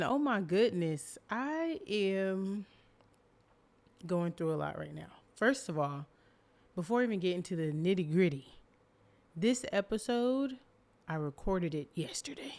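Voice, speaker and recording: A woman's voice: lowish voice, lively intonation, a little slow, long pauses, darkish tone. A young woman hosting a casual solo podcast, talking expressively with dramatic emphasis and frequent laughter. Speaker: podcast host.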